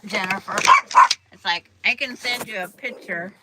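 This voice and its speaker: A woman's voice: mid-range voice, normal speed, very noisy. An older woman hosting a casual quilting chat, chatting and cooing to a toddler in baby talk. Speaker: quilting channel host.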